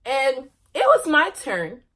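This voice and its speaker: A woman's voice: sits high, huge pitch swings, slow pace, a bit bright. A young woman vlogger telling a casual personal story, laughing often and ending on a faith message.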